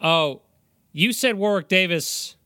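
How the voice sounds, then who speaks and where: A man's voice: high voice, takes it slowly, sharp tone, no room sound, clean studio sound. A man co-hosting a podcast in casual chat, blunt and sarcastic, swearing freely. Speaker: podcast co-host.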